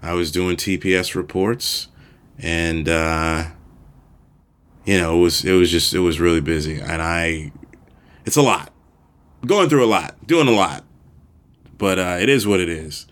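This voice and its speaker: A man's voice: sits low, steady tone, unhurried, a bit bright, clean tone. A man hosting his own podcast, chatting loosely and rambling, laughing easily and swearing offhand. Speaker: podcast host. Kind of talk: casual solo podcast chat.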